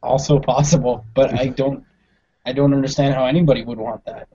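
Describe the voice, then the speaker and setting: A man's voice: mid-range voice, steady tone, fairly quick, mellow, husky. A man co-hosting a casual chat about comedy films, laid-back, swearing freely and laughing often. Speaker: podcast co-host. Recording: lo-fi dull audio.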